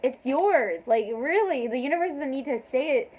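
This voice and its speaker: Excitable woman doing a tarot reading. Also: high voice, normal speed, rough recording. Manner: excited, emphatic affirmations; laughs often. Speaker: tarot reader. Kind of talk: casual tarot reading to camera.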